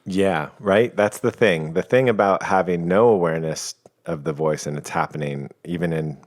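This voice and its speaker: A man talking as a podcast guest, explaining ideas in a calm, reflective and playful way. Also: low-pitched, moderate pace. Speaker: guest, coach. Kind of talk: reflective conversation.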